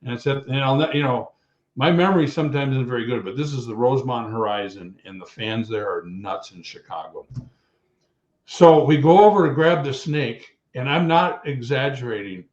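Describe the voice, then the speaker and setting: A man in his sixties spins loose, lively stories, slipping into other people's voices as he goes. His voice sits at an ordinary pitch. It comes through a roomy, echoey line with a muffled, dull tone. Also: moderate pace. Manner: rambling, animated storyteller who acts out quotes. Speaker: guest, retired pro wrestler. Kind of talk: anecdotal storytelling. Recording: echoey, dull remote call audio.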